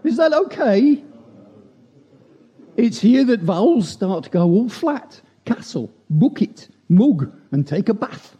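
A man's voice: high-pitched, very animated, slow, mellow, slightly rough. A man at a church gathering, reciting a humorous rhyming poem with chatty, self-deprecating asides between verses. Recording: dull lo-fi recording.

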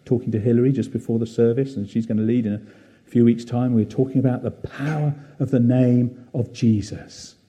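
A man preaching a gentle, reflective sermon at a church service, with frequent fillers and pauses. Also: mid-range voice, steady tone.

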